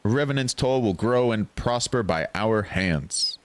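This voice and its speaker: A man's voice: on the low side, expressive, measured pace, a little hiss or hum. A man voicing a dutiful, earnest young man in a game. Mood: resolute.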